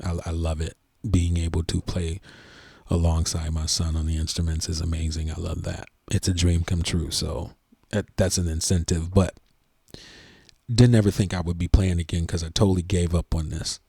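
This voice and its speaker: A middle-aged church organist talking earnestly and emotionally to the camera, in a heartfelt, preachy way. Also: male voice, deep voice, little pitch movement, normal speed, vocal fry, warm tone, slightly rough, no echo, clean studio sound. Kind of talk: heartfelt casual talk to camera.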